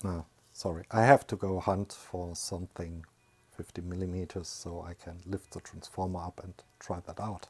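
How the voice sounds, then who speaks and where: A man talking through a workshop repair project, thinking aloud in a hesitant, low-key way with many pauses and fillers. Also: flat delivery, husky. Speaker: electronics hobbyist. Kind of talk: workshop voice-over talk.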